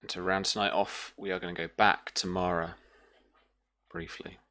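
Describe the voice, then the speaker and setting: A man narrating as game master of a tabletop role-playing game, with measured, soft-spoken narration. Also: low voice, little pitch movement.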